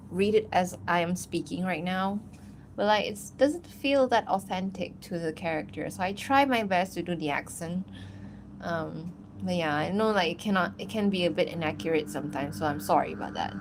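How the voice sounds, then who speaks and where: A woman's voice: lowish voice, normal speed, noisy background. A woman animator chatting casually on a livestream, rambling and giggling, with lots of fillers. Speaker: animator streaming while answering chat.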